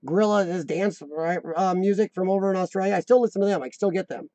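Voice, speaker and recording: A rambling, joking American man chats on his live stream, his voice pitched high with a mellow, dark edge. The sound is dry and close, with no room echo. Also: fairly even intonation, quick pace. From United States. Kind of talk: casual live-stream chat.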